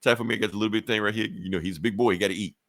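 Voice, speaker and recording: Low-voiced man retelling a comic. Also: steady tone, rapid-fire, a bit bright, no echo, clean studio sound. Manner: loose, profane, chuckling retelling. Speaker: podcast host. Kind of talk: casual comic book review chat.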